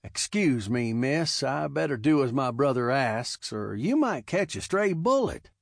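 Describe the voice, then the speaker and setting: A man voicing a calm, cocky young frontier gunman with a slow, easy drawl. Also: medium pitch, vocal fry, no echo, studio quality. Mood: laconic.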